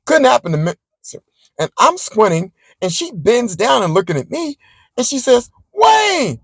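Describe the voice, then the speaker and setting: A man vlogging, chatting straight to his viewers as he tells a story in a casual, animated way. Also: high voice, moderate pace, husky, no room sound, rough recording.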